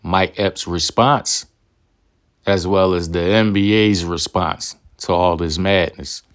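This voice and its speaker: A man hosting commentary, setting up a clip in a measured, conversational way. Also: low-pitched, fairly even intonation. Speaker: channel host. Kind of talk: commentary setup.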